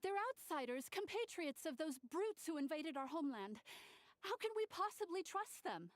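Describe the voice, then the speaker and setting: A woman's voice: high voice, sing-song, moderate pace, no echo. A woman voicing an anxious, devout female villager and mother, hesitant and pleading.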